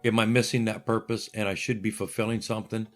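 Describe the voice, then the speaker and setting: Faint music plays behind an older man who talks fast in a lowish voice. Guesting in an interview, he tells stories in a lively, wryly humorous way, imitating what others said.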